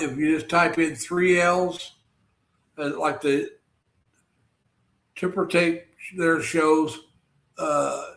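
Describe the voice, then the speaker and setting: A man hosts a casual livestream, rambling along and calling out viewers by name. His voice sits a little high for a man, and his talk is full of fillers and restarts. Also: vocal fry, fairly bright tone. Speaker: livestream host.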